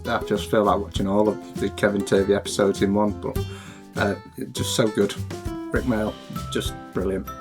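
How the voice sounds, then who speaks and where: A man's voice: lowish voice, flat delivery, moderate pace, hardly any pauses. A man hosting a reaction video, gushing with enthusiastic praise and stumbling a little over his words. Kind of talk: casual reaction commentary. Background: guitar music.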